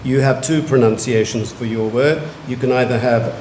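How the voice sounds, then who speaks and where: A man, pronouncing words clearly and giving short definitions at a spelling competition. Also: medium pitch, fairly even intonation, a little mellow, slight background noise. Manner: measured, repeats each word clearly and gives brief definitions. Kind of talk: formal word pronouncing at a competition. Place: large museum hall.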